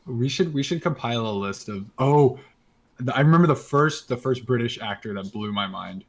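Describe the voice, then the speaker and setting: A man's voice: mid-range voice, lively intonation, normal speed. Rambling male podcast co-host. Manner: rambling, trails off, restarts. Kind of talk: casual chat.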